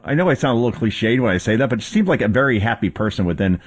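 Husky-voiced man hosting news commentary. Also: on the low side, rapid-fire. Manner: rambling, conversational, with fillers and restarts. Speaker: commentary show host.

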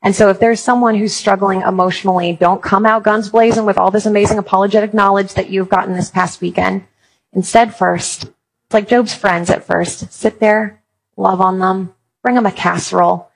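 A woman's voice: medium pitch, steady tone, normal speed, vocal fry, low-quality recording. A woman giving a talk on Christian parenting, chatty and storytelling, with playful asides. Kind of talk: talk to an audience on faith and parenting.

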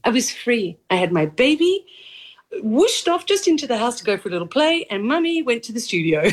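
A woman's voice: fairly high pitch, sing-song, fairly quick. A woman in her thirties with a mild Australian accent, an actress talking eagerly in an interview and laughing often. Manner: bubbly, laughs often, gushing. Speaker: actress guest. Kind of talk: animated interview chat.

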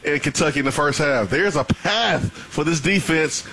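A man's voice: a little high, moderate pace, bright, forceful tone, a little hiss or hum, low-quality recording. A man co-hosting a sports talk radio show, teasing and laughing often. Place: remote broadcast at a distillery.

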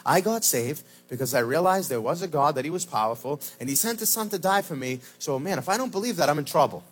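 A man pastor preaching a sermon at a church service, swinging from shouted lines to low, slow emphasis. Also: expressive, slightly rough, soft background music.

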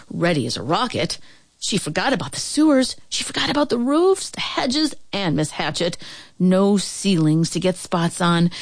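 A woman reading a children's storybook aloud in an expressive voice that rises and falls with the action. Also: lowish voice, no echo. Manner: expressive, rising and falling with the action.

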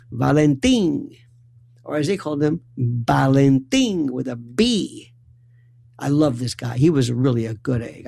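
A man spins a rambling comic monologue in a gravelly, husky voice, his pitch leaping up and down as he talks. He stumbles and restarts words in bursts. The recording is dry and close. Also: no echo. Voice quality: animated, acts out quoted voices with big pitch jumps. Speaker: storyteller.

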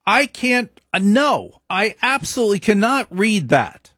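A man voicing his elderly immigrant grandmother, firm and flatly refusing. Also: high-pitched, measured pace, no echo, studio quality, pitched above the performer's own voice, heavily acted. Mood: insistent. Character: stubborn elderly immigrant grandmother, proudly insistent.

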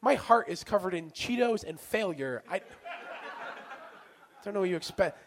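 A man doing a stand-up set, self-deprecating, shifting from muttered asides to shouts. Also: high voice, animated, moderate pace. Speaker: stand-up comedian.

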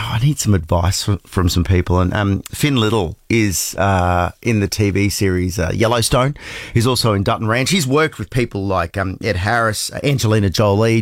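A man's voice: fairly low pitch, normal speed, no echo. Australian man, middle-aged, radio host, chatty, self-deprecating, dry close studio sound. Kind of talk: casual breakfast radio chat. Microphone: studio microphone.

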